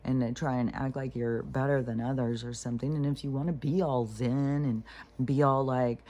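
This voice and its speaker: A woman in a casual vlog monologue, talking candidly and rambling, with pauses and restarts. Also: extremely low pitch, fairly even intonation, dark tone. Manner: candid, rambling, mocks serene voices in breathy whispers. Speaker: vlogger.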